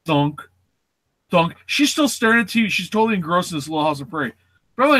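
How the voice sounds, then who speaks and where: Male host in his forties, casual storyteller who acts out voices and sounds; bright, forceful tone. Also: high voice, big pitch swings, fast talker, no room sound. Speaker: show host. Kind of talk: casual chat.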